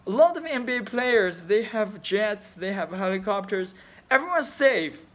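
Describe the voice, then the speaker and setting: A man's voice: high-pitched, lively intonation, moderate pace, a bit bright. A man in his thirties from China, speaking English with a Chinese accent as a non-native speaker. He talks in an emotional, rambling way about his grief, swearing often and using broken phrasing. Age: 30s. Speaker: fan. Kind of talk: emotional personal vlog.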